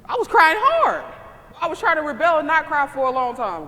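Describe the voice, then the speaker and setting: A woman's voice: high voice, very animated, brisk, sharp tone, long reverb tail. A woman giving a motivational conference speech, with an emphatic, repetitive, preacher-like cadence and questions thrown to the audience. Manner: calls out to the audience. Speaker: conference speaker. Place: conference hall.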